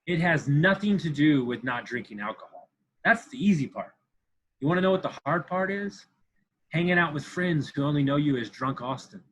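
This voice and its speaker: On a rough recording with slight background noise, a podcast guest in his thirties speaks at a moderate pace in an animated, somewhat bright, higher-pitched voice. The interview is candid, and he's intense and foul-mouthed, saying things again to drive them home.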